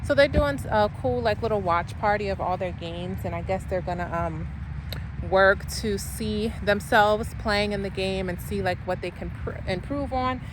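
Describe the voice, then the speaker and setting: In and around a car outdoors, a woman vlogs about her day as a mom, rambling casually with plenty of fillers. Her mid-range voice moves at normal speed, and the recording carries noisy outdoor and car ambience.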